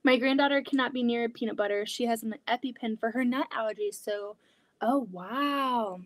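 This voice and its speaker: A woman's voice: a little high, normal speed, dry recording. Chatty, giggly woman livestreaming from home. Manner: chatty and giggly, many "like"s and restarts. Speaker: quilting channel host. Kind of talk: livestream chat, reading comments aloud. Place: home basement.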